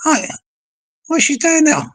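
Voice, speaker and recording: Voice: high voice, very animated, a little slow, a bit bright. A live-stream host, chatting casually to a small online audience in a rambling way, often restarting sentences.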